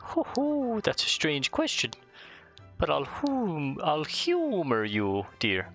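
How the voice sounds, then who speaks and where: A man's voice: fairly high pitch, huge pitch swings, slow, a bit bright, soft background music, pitched above the performer's own voice, heavily acted. A man voicing a cheery, motherly female shopkeeper in a let's play. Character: sweet high-voiced female shopkeeper.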